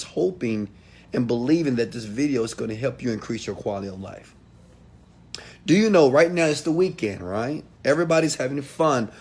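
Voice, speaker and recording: A man giving a motivational talk straight to his viewers, emphatic, swinging from quiet asides to loud outbursts. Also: medium pitch, slightly rough. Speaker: motivational speaker.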